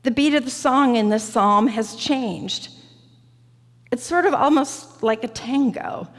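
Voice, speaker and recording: A woman preaching a reflective, personal sermon in a church sanctuary, slow and deliberate. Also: fairly high pitch. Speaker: guest preacher. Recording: church hall reverb.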